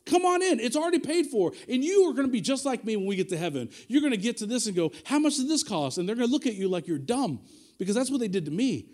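A man's voice: high-pitched, fast. A male pastor preaching a sermon, telling stories with emphatic repetition. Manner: animated storytelling with emphatic repetition.

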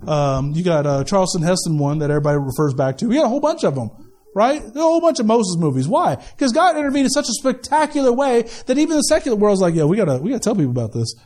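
High-voiced joking male pastor. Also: expressive, quick pace, a little mellow. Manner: conversational, joking, repeats words when starting a sentence. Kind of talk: sermon.

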